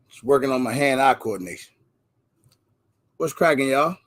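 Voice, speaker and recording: A man hosting a casual livestream, giving energetic slangy shout-outs to viewers by name. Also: medium pitch, moderate pace, long pauses. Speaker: livestream host.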